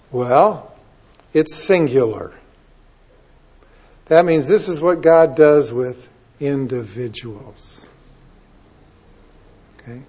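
A man preaching a sermon, dropping to soft asides and rising to loud, drawn-out emphatic lines. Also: medium pitch, breathy edge. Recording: dull lo-fi sermon recording.

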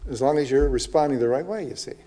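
A man preaching a sermon, reading scripture slowly and often checking in with the listeners with "okay?" and "right?". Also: medium pitch, warm tone. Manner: reads scripture aloud slowly with emphasis. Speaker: pastor. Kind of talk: sermon, Bible teaching.

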